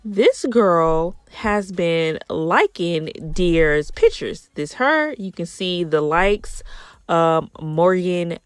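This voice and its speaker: A woman commentator calmly walking through social media posts in a measured, explanatory way. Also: lowish voice, clean tone, no echo. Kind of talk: reading out social media findings.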